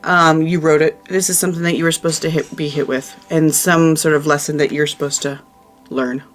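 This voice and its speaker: A woman's voice: low voice, steady tone, fairly quick, faint music behind. A woman giving a casual tarot reading, chatty and emphatic, who often repeats her phrases. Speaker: tarot reader.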